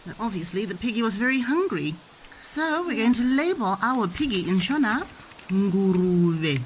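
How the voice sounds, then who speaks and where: A woman playing pretend with her child, teaching animal names in an animated, playful sing-song way. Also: medium pitch, normal speed, slight background noise.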